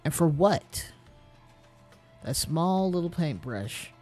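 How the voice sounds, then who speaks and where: A man's voice: a little high, expressive, slow, darkish tone, faint music behind. A man streaming a mystery game, thinking aloud, restarting sentences and reading in-game letters aloud with small stumbles.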